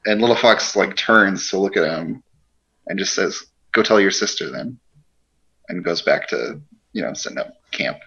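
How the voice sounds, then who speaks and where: A man playing a tabletop game, chatting in a relaxed, drawling way. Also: low-pitched, normal speed, gravelly. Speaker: player. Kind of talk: casual tabletop game chat. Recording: dull lo-fi audio.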